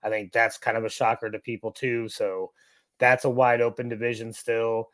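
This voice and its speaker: Measured man talking football. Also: medium pitch, little pitch movement, a bit bright, dry recording. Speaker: podcast panelist. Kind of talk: casual sports chat.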